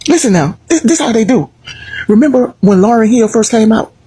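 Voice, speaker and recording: An American woman giving animated, emphatic opinion commentary to her viewers, with mocking asides. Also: fairly high pitch, brisk, slightly rough, no room sound. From United States. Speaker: video commentator.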